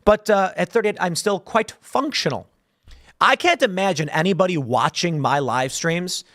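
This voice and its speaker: A man's voice: high voice, lively intonation, normal speed, a bit bright, no echo, studio quality. A man in his late thirties hosting a show, delivering an emphatic, indignant political commentary monologue. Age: 30s.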